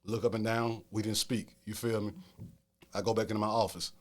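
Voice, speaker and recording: A man's voice: on the low side, level tone, brisk. A middle-aged man with a New Orleans accent telling a story in casual chat, streetwise, often asking "you feel me?". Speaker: podcast host telling a story.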